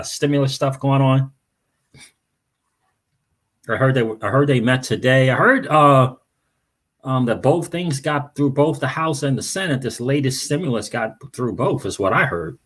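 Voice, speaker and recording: Husky-voiced man hosting a casual livestream. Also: mid-range voice, fairly bright tone. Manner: greets viewers by name, repeats phrases. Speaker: crypto channel host.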